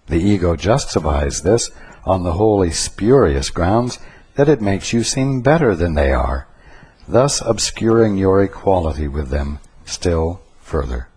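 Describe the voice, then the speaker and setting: A man giving a spiritual teaching talk, slow and deliberate, pausing to stress single words. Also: low-pitched, a little mellow, slightly rough.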